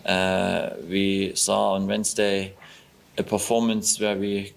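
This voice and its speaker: A football manager giving a measured, hesitant answer at a press conference. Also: male voice, low voice, completely flat delivery, gravelly.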